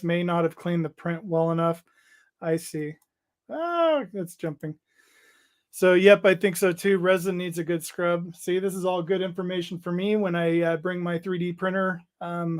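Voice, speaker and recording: A man hosting a casual hobby livestream, chatting loosely, reading out viewer comments and trailing off into restarts. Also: high-pitched. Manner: rambling, halting, reads out chat messages. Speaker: livestream host.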